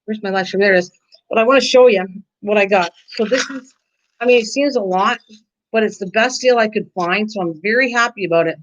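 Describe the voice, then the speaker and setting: A woman's voice: medium pitch, fairly quick. Older woman chatting on a lo-fi live stream. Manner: rambling, chatty, answers viewers' comments by name. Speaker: live-stream craft host. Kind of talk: casual live-stream chat. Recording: dull lo-fi stream audio.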